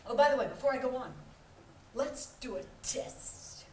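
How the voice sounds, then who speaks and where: A woman's voice: high-pitched, expressive, normal speed, darkish tone, a little hiss or hum. A middle-aged woman giving a humorous motivational conference talk, acting out little scenes with laughter. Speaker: keynote speaker. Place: large conference hall. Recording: echoey hall, voice from far off.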